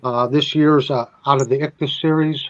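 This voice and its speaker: A man's voice: medium pitch, fairly even intonation, normal speed, highs cut off. A man joining a casual live chat as a guest, joking and laid-back.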